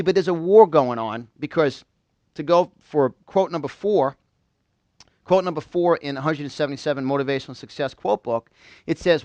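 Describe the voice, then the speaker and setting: A man's voice: fairly high pitch, darkish tone, no room sound, dull audio. A man from New York giving a live motivational seminar, quizzing a small audience in call-and-response. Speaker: motivational speaker.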